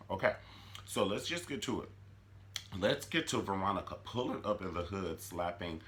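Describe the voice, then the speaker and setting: A man hosting a comedic review vlog, with a flamboyant, sassy, animated and dramatic delivery. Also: low voice. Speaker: show reviewer and host.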